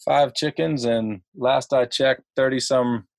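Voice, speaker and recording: A man's voice: mid-range voice, steady tone, slow pace, creaky, no echo. A man from Ohio, a podcast guest telling stories in a chatty way, laughing often and restarting his sentences. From Ohio, United States. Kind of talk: casual storytelling.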